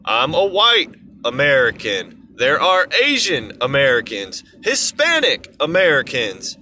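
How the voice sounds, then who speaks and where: A man's voice: high voice, wildly swooping pitch, unhurried, bright, forceful tone, slight background noise. A man ranting in an exasperated, sarcastic way in an opinion vlog. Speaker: vlogger. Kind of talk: opinion rant to camera.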